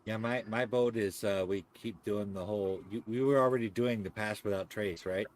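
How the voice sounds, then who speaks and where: A man playing a tabletop game, talking strategy in a halting way, repeating words as he thinks. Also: on the low side, steady tone. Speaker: player. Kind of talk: casual chat in a tabletop game.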